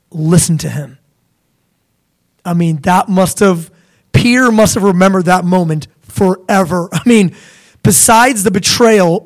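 A young man delivers a sermon in a lively, conversational style, occasionally performing the voices of biblical characters. His voice sits high.

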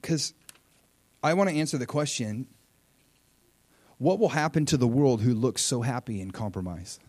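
A man preaching a sermon in a mid-pitched voice, telling the story with animated energy. He swings between loud, raised bursts and hushed, low asides as he acts out the characters. The sound is dry and close, with no room echo. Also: moderate pace. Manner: animated storytelling, acting out quotes with big swings in pitch and loudness. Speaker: pastor.

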